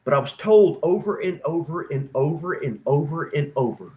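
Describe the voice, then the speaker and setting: A man's voice: fairly high pitch, lively intonation, normal speed, hardly any pauses, darkish tone, roomy sound. A man in his fifties, a former nurse, telling his story in an emphatic, aggrieved way. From East Texas. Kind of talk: casual spoken storytelling.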